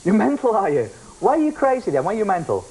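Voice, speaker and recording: A man hosting a children's game show, playful and energetic, often shouting to the contestants. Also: sits high, fast talker, rough recording. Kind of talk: lively TV game show presenting.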